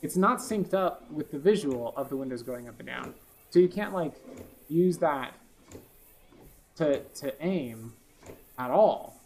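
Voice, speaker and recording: A man's voice: on the high side, lively intonation, a little slow, pauses often, a little mellow, slight background noise. A man giving casual gameplay commentary, rambling with lots of fillers and restarts, often frustrated. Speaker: gaming video host.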